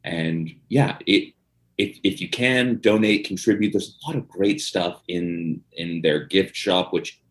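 A man's voice: low voice, measured pace. A man co-hosting a podcast in casual chat, joking, laughing often and rambling with fillers. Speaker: podcast co-host.

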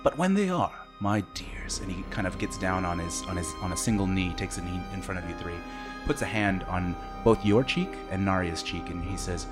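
Brief: a deep-voiced game master narrating loosely, with fillers and restarts. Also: male voice, steady tone, brisk, music in the background. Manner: rambling, with many fillers and restarts.

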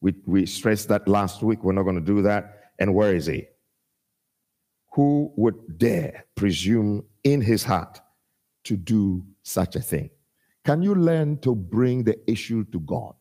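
Husky man preaching in sing-song bursts. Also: lively intonation, slow pace. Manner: sing-song preaching cadence, rising to shouts and dropping low when quoting scripture. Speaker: pastor. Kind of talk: sermon.

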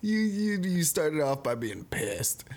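A man's voice: on the high side, big pitch swings, takes it slowly, darkish tone. A man co-hosting a casual podcast, chiming in with dry teasing remarks. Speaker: podcast co-host. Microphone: studio microphone with mixer.

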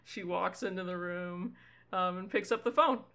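Casual woman game master, bright tone, relaxed filler-heavy narration. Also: on the low side. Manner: chatty, lots of ums, quick laughs.

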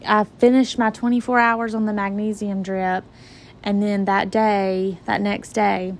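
Young woman with a gravelly voice. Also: mid-range voice, a little hiss or hum. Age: 20s. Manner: casual, conversational retelling with lively quoted reactions. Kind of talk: personal storytelling.

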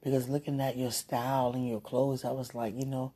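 Soft-voiced woman, mellow and slow, sweet-talking into a phone up close. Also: very deep voice, steady tone, husky. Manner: tender, sweet-talking, teasing. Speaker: partner leaving a voice message. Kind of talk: intimate phone message. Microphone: phone held close to the mouth.

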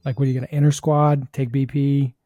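A man's voice: mid-range voice, little pitch movement, quick pace, warm tone, no echo, lo-fi sound. A man hosting a baseball podcast, talking through ideas in a thoughtful, rambling casual chat. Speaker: host, hitting coach.

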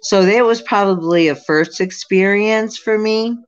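A woman in her sixties, a guest psychic medium, answering interview questions at an unhurried pace with fillers and restarts. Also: medium pitch, smooth, muffled recording. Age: 60s.

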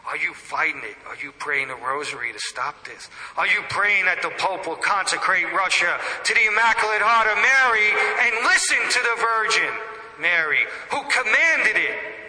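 Male preacher, slightly high, very bright tone, heated sermon delivery with sudden hushed drops. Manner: impassioned, swings from loud declarations to hushed asides. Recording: long hall reverb.

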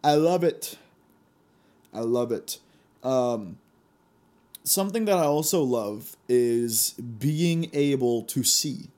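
A man's voice: medium pitch, slow pace, long pauses. Gleeful young man telling stories. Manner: animated, gleeful storytelling with laughs. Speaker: podcast host. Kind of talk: casual solo podcast chat.

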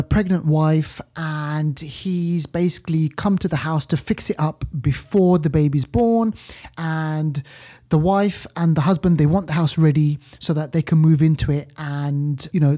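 A man hosting a podcast, reviewing films in an animated, rambling chat. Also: a little high. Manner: animated, rambling, laughing storyteller. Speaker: podcast host, film reviewer. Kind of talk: casual chat.

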